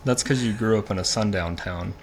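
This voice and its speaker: A young man hosting a comedy podcast, teasing his guest with deadpan jokes in casual chat. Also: lowish voice, a little fast. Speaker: podcast host.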